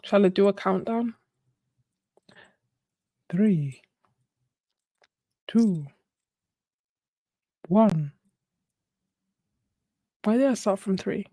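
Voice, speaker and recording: A woman's voice: mid-range voice, extremely slow, long pauses, mellow, no room sound, studio quality. Chatty woman hosting a livestream. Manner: chatty, laughs often, thinks aloud. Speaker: art channel host. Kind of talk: casual livestream chat.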